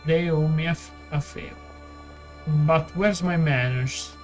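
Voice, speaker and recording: An Italian-accented man voicing a weary, gentle male priest, reading the lines aloud with stumbles. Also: on the high side, soft background music, lightly acted. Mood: kind. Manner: reads the text aloud haltingly, with stumbles.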